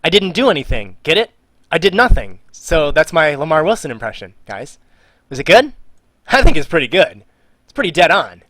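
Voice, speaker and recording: This man's voice is on the high side and a bit bright, with big pitch swings at normal speed, recorded dry. He's casually live-streaming, reading viewer questions out and joking in response, trailing off and muttering as he works.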